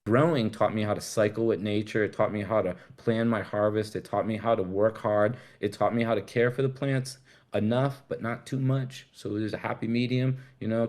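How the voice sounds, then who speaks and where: Swearing freely, a middle-aged man from the United States rambles through candid stories as a guest in a relaxed storytelling interview. He speaks with a fairly low, slightly mellow voice.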